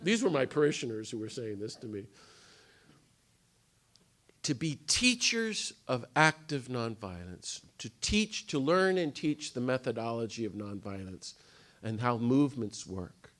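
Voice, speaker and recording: A man giving an impassioned talk to a live audience, often jumping into the voices of the people he quotes. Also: mid-range voice. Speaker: speaker on nonviolence. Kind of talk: animated lecture to a live audience. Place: conference hall.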